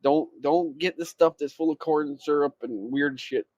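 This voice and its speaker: A man's voice: on the high side, normal speed, darkish tone, dull audio. A man co-hosting a podcast in casual chat, telling stories and adding practical tips in a dry, matter-of-fact way. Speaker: podcast co-host.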